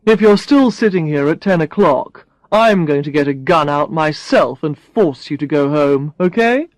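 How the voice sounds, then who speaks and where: A woman's voice: low-pitched, expressive, normal speed, darkish tone, no room sound, voice pushed down, poor audio. A woman reading a story voices a confident man who teases with dry sarcasm. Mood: teasing. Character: teasing confident man, her boss.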